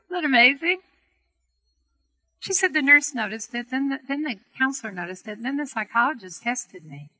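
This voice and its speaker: A middle-aged woman teaches on healing prayer through a gentle, earnest story. Her voice is bright and a little breathy, and she softens it for the quoted lines. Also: high voice, expressive, moderate pace, poor audio. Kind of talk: storytelling talk to a seminar audience.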